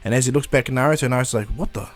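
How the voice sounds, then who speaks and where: A man's voice: mid-range voice, steady tone, rapid-fire, dry recording, faint music behind. A man casually retelling a fan story, rambling with restarts and fillers.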